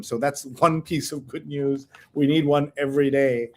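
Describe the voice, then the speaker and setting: A man in the middle of his range co-hosts a casual chat with blunt, opinionated commentary. He reads headlines aloud to his partner and reacts to them with quick asides. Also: medium pitch, fairly even intonation. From India. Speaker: co-host.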